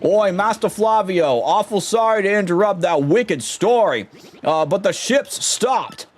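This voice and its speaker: A man voicing a gruff, salty ship's sailor in a video game, brusque and rough-spoken. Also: high voice, expressive, measured pace, voice pushed up.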